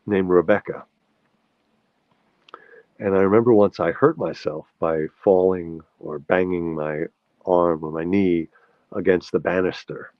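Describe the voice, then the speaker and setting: Hosting a live-stream chat, this low-voiced man from New York, USA, wanders through anecdotes, keeps restarting, and responds to comments from viewers. There's no room sound, and the highs are cut off.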